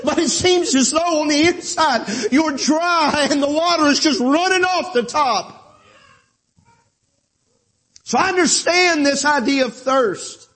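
High-voiced preacher man. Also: a little slow. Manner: preaching with rising, shouting fervor and folksy asides. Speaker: pastor. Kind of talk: sermon.

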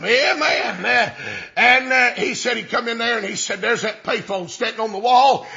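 Preacher man, folksy storytelling sermon, high gravelly voice, sharp tone, dull lo-fi recording. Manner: folksy, drawn-out, builds to shouted exclamations.

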